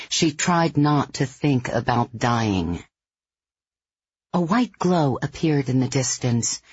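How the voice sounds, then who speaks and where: Thriller narrator, mid-pitched, unhurried, dry close studio, slightly dull. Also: slightly rough, no echo. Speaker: audiobook narrator. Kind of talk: third-person audiobook narration.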